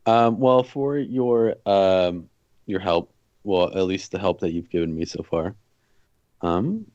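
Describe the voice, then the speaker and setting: Low, dark-voiced man on a muffled mic. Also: slow, no echo. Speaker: player. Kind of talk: in-character tabletop role-play.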